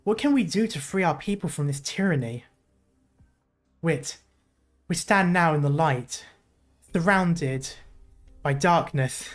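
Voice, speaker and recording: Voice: mid-range voice, takes it slowly, pauses often, soft background music, natural voice. A streamer voicing a stern male emperor with a put-on British accent, reading a game story aloud in a solemn, formal way. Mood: grave.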